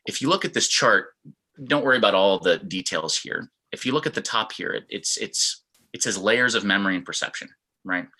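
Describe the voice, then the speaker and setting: A fitness instructor with a fairly low yet bright, forceful voice runs an online class, explaining step by step and demonstrating how one sentence sounds in different tones. It sounds like a video call, and the recording is rough.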